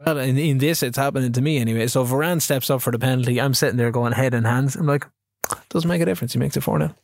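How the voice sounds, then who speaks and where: A man co-hosting a casual chat, with a voice of middling pitch. He recaps events in a relaxed storytelling manner and drops dry asides. The recording is dry and close. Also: quick pace, no echo. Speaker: podcast co-host.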